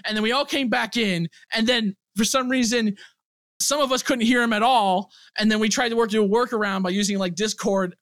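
A man's voice: high voice, fairly even intonation, a little fast, a bit bright, no room sound. A man hosting a casual podcast over a voice call, laughing a lot while he takes charge of the tech trouble. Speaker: podcast host. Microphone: computer mic on a voice call.

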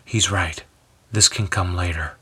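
A man voicing a wounded male apostle in a storybook telling, speaking softly and weakly in measured phrases. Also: lowish voice, breathy edge. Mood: gentle. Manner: soft, weak, measured. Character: wounded, weary male apostle, calm and gentle.

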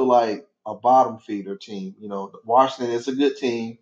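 A man's voice: medium pitch, steady tone, moderate pace, hardly any pauses, darkish tone. A man hosting a podcast with his son, chatting casually in a loose, rambling way and laughing easily. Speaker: podcast host and father. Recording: echoey, dull lo-fi room sound.

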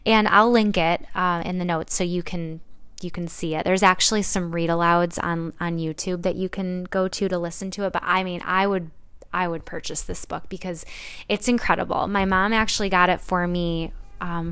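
A woman hosting a solo podcast, talking in a gentle, earnest way with soft laughs and restarts. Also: lowish voice, clean tone, no echo. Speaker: podcast host. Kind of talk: casual solo podcast talk.

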